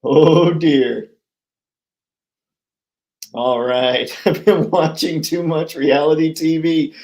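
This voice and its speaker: An upbeat man with a slightly high voice hosts a casual live stream and chats with viewers. His talk is jokey and chatty. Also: fairly even intonation, slow pace, pauses often, a little mellow. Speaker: host of a toy collecting live stream.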